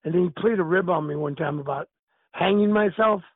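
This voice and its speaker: Fairly quick and high-pitched, the older ex-wrestler chats and tells stories over narrow, tinny audio. He stays animated throughout, laughing frequently and voicing the quoted lines himself.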